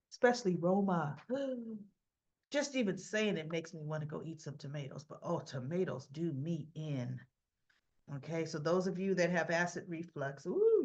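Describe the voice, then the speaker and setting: A woman recapping a soap opera in a casual, chatty way, acting out the characters' lines and laughing often. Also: medium pitch. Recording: dull lo-fi sound.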